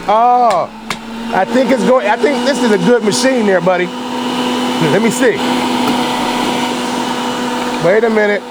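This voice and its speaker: A man chatting casually to the camera as he makes fresh juice, talking to viewers while he works. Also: high-pitched. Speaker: vlogger making juice. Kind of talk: casual kitchen demonstration. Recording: loud juicer noise over voice.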